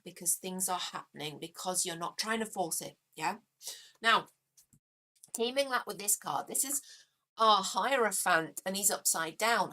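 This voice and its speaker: A woman's voice: mid-range voice, sharp tone. A woman hosting a live tarot reading, chatty and encouraging, talking straight to her viewers with plenty of ums and "yeah?". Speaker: tarot reader and live-stream host.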